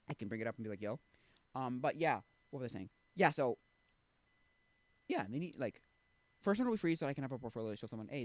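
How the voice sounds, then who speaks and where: A man chatting casually on a live stream at an ordinary middle pitch. He rambles, thinks out loud, and fills gaps with "like" and restarts. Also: no room sound. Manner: rambling, filler-heavy, thinking aloud. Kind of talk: casual chat.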